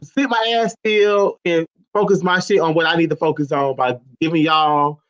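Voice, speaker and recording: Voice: medium pitch, fairly even intonation, moderate pace, dull audio. Slangy live-stream host. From Georgia, USA. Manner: loose and slangy, calls guests baby and girl. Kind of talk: casual live-stream chat.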